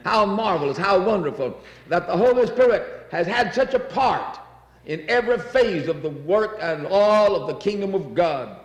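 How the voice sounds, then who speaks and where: Fervent high-voiced preacher in an echoing hall. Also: male voice, animated, normal speed. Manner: fervent, repeats phrases, reads scripture aloud. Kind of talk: sermon. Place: church. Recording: echoey hall.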